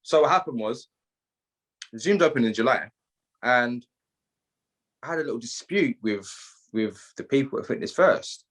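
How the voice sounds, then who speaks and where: Bright-voiced British man telling a story. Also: mid-range voice, moderate pace, long pauses. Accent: British, London slang. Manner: animated, street slang, acts out dialogue. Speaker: guest, gym owner. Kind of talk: storytelling in a podcast interview.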